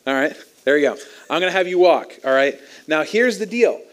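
A man preaching a sermon as pastor, teaching in an animated way with light chuckles. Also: on the high side, a little fast.

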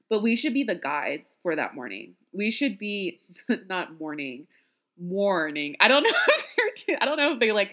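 Woman podcast host, low-ish voice, rambly casual chat, laughs at herself a lot. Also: fairly bright tone. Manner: chatty, laughs often, self-deprecating asides.

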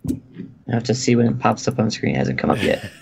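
A man's voice: fairly low pitch, big pitch swings, brisk, gravelly, darkish tone. A man co-hosting a casual chat, talking in wry, exasperated rants. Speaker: podcast co-host.

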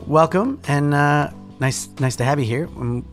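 A man's voice: a little high, unhurried, faint music behind. A man co-hosting a live-streamed talk show, chatting casually and rambling, with repeated words and light laughs. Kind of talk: casual chat.

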